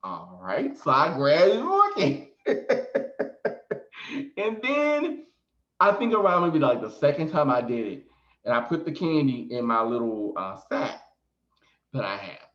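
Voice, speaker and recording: Animated man telling a story, echoey. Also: a little high, unhurried, pauses often. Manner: animated, laughs often, frequent "okay?" asides. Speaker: psychic reader and video host. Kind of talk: storytime vlog. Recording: echoey room, slightly dull sound.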